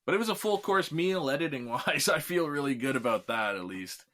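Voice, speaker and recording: A man from Canada, a filmmaker guest on a podcast, talking casually and relaxed, laughing often between remarks. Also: a little high, a little fast.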